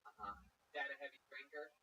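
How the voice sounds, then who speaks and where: A man's voice: mid-range voice, a little fast, bright, forceful tone. A man hosting a comedy show, doing crowd work with brash, profane, mocking banter from a club stage. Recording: distant mic with faint noise.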